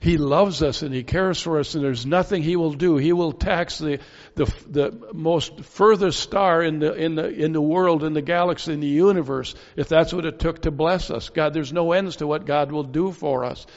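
A man preaching a verse-by-verse sermon with an earnest, reasoning delivery that leans on rhetorical questions. His voice sits a little high for a man. The recording is dull and lo-fi, with a long reverb trailing off the walls of a large hall. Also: normal speed. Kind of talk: expository sermon.

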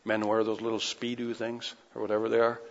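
A man preaches a sermon, reading scripture aloud and breaking off now and then into casual conversational asides. His voice is on the low side, brisk, and completely flat in delivery. The recording is dull and lo-fi, with long hall reverb.

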